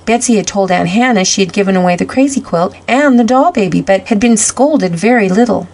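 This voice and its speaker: A woman narrating a children's storybook in a steady, expressive reading voice. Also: mid-range voice, brisk. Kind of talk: read-aloud storybook narration.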